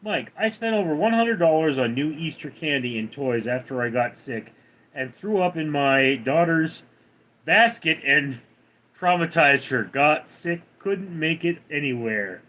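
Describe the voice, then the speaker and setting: A man's voice: a little high, animated, measured pace, fairly bright tone. A man hosting a casual livestream, reading out chat names and answering them one by one in a drawl.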